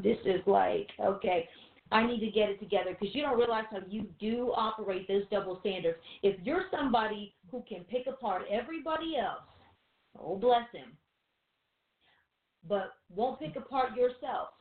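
A woman preaching in a relaxed, chatty way, firing off rhetorical questions and little asides. Her voice comes through thin and phone-like, with a roomy echo around it. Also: medium pitch. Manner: animated, rhetorical questions, quick asides and laughs. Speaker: co-host of a Christian teaching show. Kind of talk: casual conversational preaching. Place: room with a few listeners behind the cameras. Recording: tinny phone-like sound in an echoey room.

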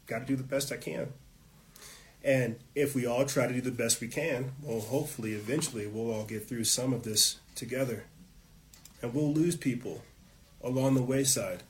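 A man's voice: medium pitch, slight background noise. A man hosting his own show, delivering an impassioned political monologue, fired up and swearing often. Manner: fired up, profane, preachy. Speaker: show host.

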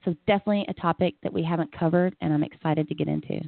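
A woman with a Southern US accent co-hosting a talk show, chatty and excitable, quick to exclaim. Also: sits low, gravelly, dry recording. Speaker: podcast co-host. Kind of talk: casual radio chat. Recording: phone-like, dry call-in audio.

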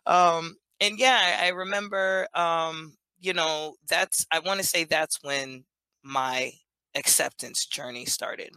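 A woman in her thirties chatting as a podcast guest, telling animated stories with frequent laughter. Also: deep voice, takes it slowly, clean tone, dry recording. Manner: animated storyteller, laughs often, acts out quotes. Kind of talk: casual interview chat.

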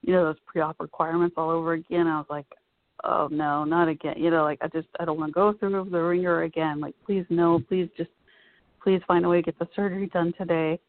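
A woman's voice: on the low side, fairly even intonation, fast talker, no echo. Woman telling a story, tinny phone-like sound. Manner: chatty, many "you know" asides. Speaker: vlogger. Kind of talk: casual personal storytelling.

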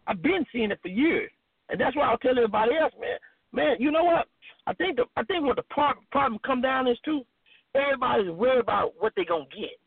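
High, gravelly man on a phone line. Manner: animated, rambling, emphatic. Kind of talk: casual phone-in chat.

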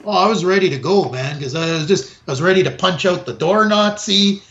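Guy ranting and cussing on a podcast, kinda high voice, echoey muffled room. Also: a little fast, a bit bright. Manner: profane, ranting storyteller who acts out quoted people. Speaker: podcast co-host. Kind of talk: casual chat. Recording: echoey, dull lo-fi room sound.

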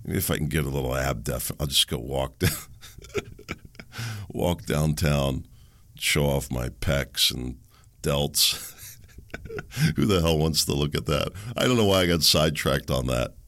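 A middle-aged man with a very low, gravelly voice, talking alone on his podcast. He rambles from point to point, getting sarcastic and heated. The recording is dry and close, with no room sound. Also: lively intonation, a little slow, pauses often, a bit bright, dry recording. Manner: rambling, sarcastic ranting with chuckles. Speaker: podcast host. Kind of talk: solo podcast monologue.

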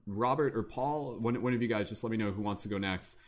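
A man hosts a live online panel at a rapid clip, his voice sitting on the low side. He rambles casually and enthusiastically, tossing in "like" and restarting his sentences. He is heard over a video call.

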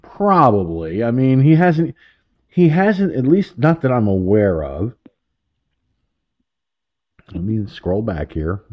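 A man's voice: medium pitch, big pitch swings, slow, pauses often. A man hosting a casual internet talk radio show, rambling and self-amused with chuckling asides. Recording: muffled lo-fi internet radio audio.

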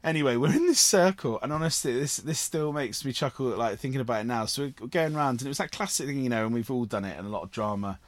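A man's voice: mid-range voice, expressive, fast, few pauses, dry recording. A man from Cornwall, a guest on an interview show who tells long, rambling stories and laughs often. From Cornwall, England. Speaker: guest actor. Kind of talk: casual interview storytelling.

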